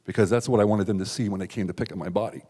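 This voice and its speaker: A middle-aged man from the United States telling a raw, confessional personal story on stage, with sudden loud outbursts and hushed asides. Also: on the low side, steady tone, rapid-fire. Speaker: keynote speaker. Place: large hall on stage. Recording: stage talk with long hall reverb.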